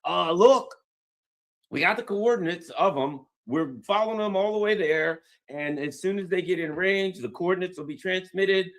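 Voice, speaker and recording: A man voicing a smug male head of state who gives brisk, casual orders. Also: high voice, fairly bright tone, pitched above the performer's own voice. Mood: scheming.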